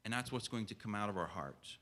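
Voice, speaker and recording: A man delivers a sermon with a sharp, forceful edge to his voice. His talk stays conversational and full of direct questions to the congregation. When he reads scripture, he slows into solemn, measured phrasing. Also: lowish voice. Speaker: preacher.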